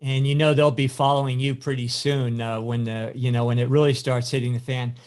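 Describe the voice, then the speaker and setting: A podcast co-host who talks haltingly and leans on fillers as he searches for words. He sounds sympathetic toward his guest, in a voice of middling pitch. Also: flat delivery, darkish tone. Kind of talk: casual podcast chat.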